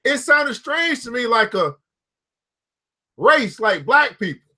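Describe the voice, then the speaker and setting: A man with a strikingly high, bright, forceful voice reads from a book and comments between passages. He is excitable and often breaks into whoops and laughter. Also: slow pace. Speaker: book reader and host. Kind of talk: reading a book aloud with commentary.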